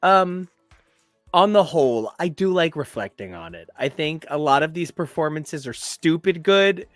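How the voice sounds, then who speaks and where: Brief: male co-host, slightly high voice, jokey chat, dry sound. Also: a bit bright, dry recording. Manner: joking, conversational reviewer. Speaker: podcast co-host. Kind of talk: casual chat.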